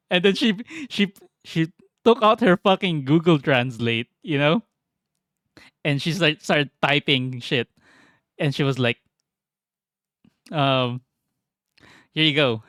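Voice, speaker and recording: Vlogger man, slow relaxed storytelling, dry close sound, quick to laugh. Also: fairly high pitch, no echo. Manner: laughs often, swears, animated. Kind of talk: casual travel storytelling.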